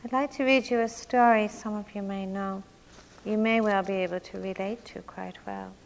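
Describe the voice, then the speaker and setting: A woman meditation teacher giving a slow, reflective dharma talk with long pauses. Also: mid-range voice, steady tone, vocal fry, in a large hall. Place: large meditation hall.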